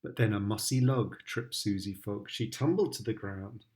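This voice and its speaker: A man's voice: on the low side, moderate pace, a little mellow. A British man, a father, reading picture books aloud to his child, playful and sing-song, with sound effects.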